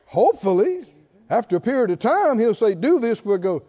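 A man preaching a sermon, swinging between loud, animated calls and hushed asides. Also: sits high, a little fast, lo-fi sound. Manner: animated preaching, mimics whiny voices and swings from shouting to hushed.

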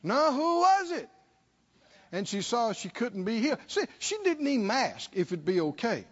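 A man preaches in a high, sing-song voice at normal speed, driving his points home through repetition and rhetorical questions. He calls for the congregation to answer him. The sermon recording sounds dull and lo-fi.

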